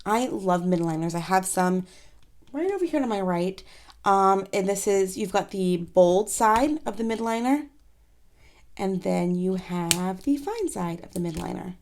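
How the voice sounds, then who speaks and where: A woman chatting casually in an unboxing vlog, gushing with excitement, gasping and exclaiming softly as she shows off planner supplies at her desk. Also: medium pitch, measured pace. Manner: gushing, excitable, frequent gasps and soft exclamations.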